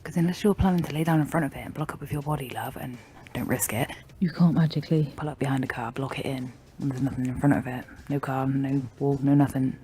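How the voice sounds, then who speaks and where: A woman's voice: rumbling low, steady tone, quick pace, warm tone. A woman telling a true story to viewers in a brash, sweary, mocking way. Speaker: story narrator.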